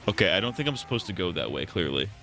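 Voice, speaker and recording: A man's voice: sits low, very animated, racing, pushed and bright, faint music behind. A man streaming a game and joking crudely in casual commentary, laughing often.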